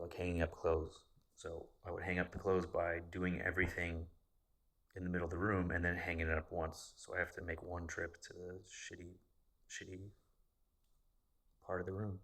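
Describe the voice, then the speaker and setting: Guy in his 30s, low voice, rambling and cussing while he tells a story. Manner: profane, rambling. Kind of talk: casual storytelling.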